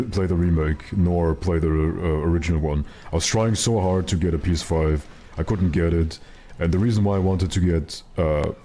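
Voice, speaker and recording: Deep, mellow-voiced man streaming a game. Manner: chatty, wry, self-mocking asides. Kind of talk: casual live gameplay commentary.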